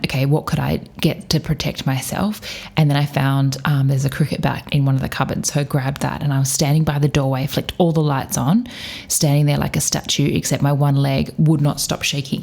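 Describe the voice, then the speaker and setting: Low-voiced Australian woman telling stories. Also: vocal fry, mellow. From Perth, Australia. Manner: chatty, laughing, acts out scared voices. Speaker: podcast host. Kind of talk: casual storytelling.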